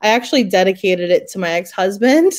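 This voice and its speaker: A woman's voice: medium pitch, animated, brisk. A woman in her forties, an author chatting as an interview guest, laughing often and joking about herself with lots of fillers. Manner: laughing, self-deprecating, many fillers. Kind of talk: casual interview chat.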